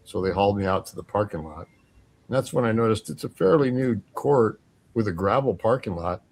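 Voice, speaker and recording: On a talk show, a male guest tells a long story in an animated way, acting out the voices of the people he quotes. His voice is mid-range and slightly rough.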